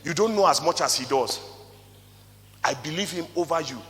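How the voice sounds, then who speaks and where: A man with a Nigerian accent giving an animated motivational talk to a live audience, firing rhetorical questions and swinging between loud and soft. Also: fairly high pitch, moderate pace. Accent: Nigerian English. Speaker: motivational speaker. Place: stage in a hall before an audience. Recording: long reverb of a large hall.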